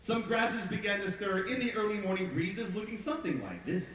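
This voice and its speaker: On an outdoor park stage, a man with a high voice tells a story at a fairly quick clip, leading the live audience in lively call-and-response chants and sound cues. It's an echoey, distant recording full of crowd noise.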